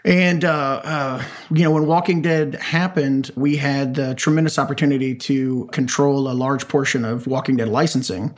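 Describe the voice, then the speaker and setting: A man as an interview guest, an animated storyteller who acts out quotes and uses many fillers. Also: medium pitch, normal speed, hardly any pauses. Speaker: comic creator guest. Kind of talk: casual interview talk.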